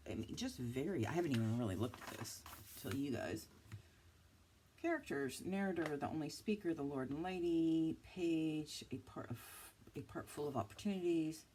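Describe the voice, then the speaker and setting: A woman's voice: low-pitched, mellow, a little hiss or hum. A woman in her fifties chatting casually through a craft haul, self-mocking and prone to giggly asides. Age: 50s. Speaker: craft vlogger.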